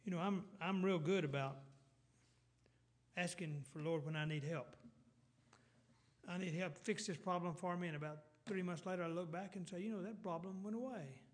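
A middle-aged man, preaching a folksy sermon with halting restarts. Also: high-pitched, fairly even intonation.

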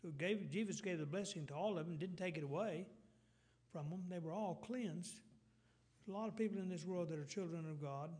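Middle-aged guy preaching, plain folksy talk, kinda high voice, stops and restarts a lot. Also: brisk, a little mellow. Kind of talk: sermon.

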